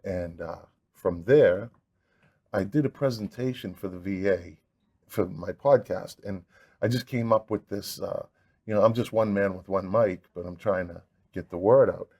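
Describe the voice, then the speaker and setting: Boston-accented man, interview guest, low voice, halting delivery. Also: creaky, darkish tone, husky. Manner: plain-spoken, halting with "uh". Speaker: guest, veteran and nonprofit founder. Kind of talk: casual interview talk.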